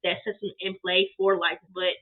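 A woman guest telling her business story in a casual interview, animated and acting out quoted dialogue. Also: lowish voice, moderate pace. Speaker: guest, apparel business owner. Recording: tinny phone-like line.

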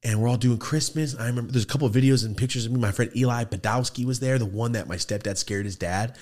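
A man's voice: medium pitch, quick pace, a little mellow. A man in his thirties hosting a podcast, telling a casual, profane story and acting out the quoted voices. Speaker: podcast host. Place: podcast studio.

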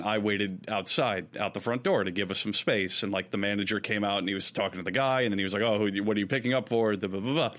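A man's voice: on the low side, a bit bright. A man co-hosting a podcast, telling a rambling anecdote in a casual chat with fillers and laughs. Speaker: podcast co-host.

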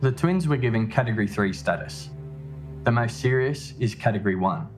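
A man reading a scripted narration in a measured, matter-of-fact way. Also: medium pitch, music in the background. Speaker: podcast narrator.

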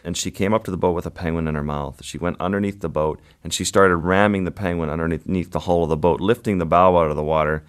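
A man with a deep, low voice recounts an adventure in the water as an interview guest. He tells it vividly and without hurry. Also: fairly even intonation, clean tone. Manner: vivid, unhurried storyteller. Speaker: wildlife photographer guest. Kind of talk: storytelling interview.

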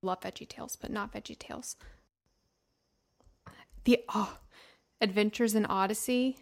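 A young adult woman co-hosting a podcast in casual chat, bubbly and quick to exclaim, who also reads out listener questions. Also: mid-range voice, gravelly. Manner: bubbly, gasps and exclaims, easily excited. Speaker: podcast co-host.

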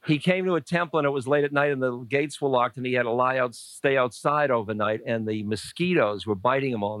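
An older man teaching spirituality to a live audience, talking in a loose, playful, searching way. His voice sits at an ordinary middle pitch, and the recording is dry and close with little room sound. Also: no room sound. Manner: conversational, playful, searching, with asides and chuckles. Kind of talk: live dharma talk answering questions.

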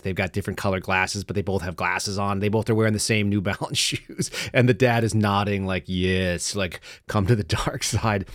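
A man hosting his podcast, talking fast and casually and laughing now and then at his own stories. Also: fairly low pitch, dry recording, studio quality. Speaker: podcast host. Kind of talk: casual talk show monologue. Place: studio.

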